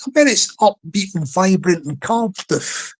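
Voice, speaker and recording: A man's voice: high-pitched, animated, a little slow, breathy edge, low-quality recording. A man hosting a livestream in casual chat, rambling, repeating words and chuckling often. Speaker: livestream host.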